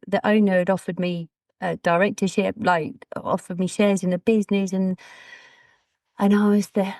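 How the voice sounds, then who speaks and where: A woman's voice: medium pitch, dry recording. A woman, a brand designer telling stories as an interview guest and acting out the voices in them. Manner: chatty, animated quoting of dialogue. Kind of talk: casual interview storytelling.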